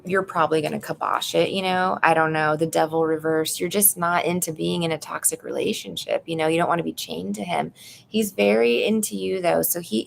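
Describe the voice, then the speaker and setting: A woman's voice: lowish voice, vocal fry, slight background noise. A woman giving a live tarot reading from her apartment into a phone, chatty and blunt, calling the viewer "girl". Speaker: tarot reader. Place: apartment room at home.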